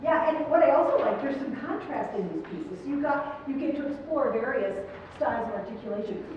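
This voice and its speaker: In a large performance hall, a middle-aged woman gives a choir encouraging clinic feedback and asks the singers questions. Her voice is high-pitched, expressive and fairly quick. Picked up by a distant room mic, the sound is echoey and muffled with slight background noise.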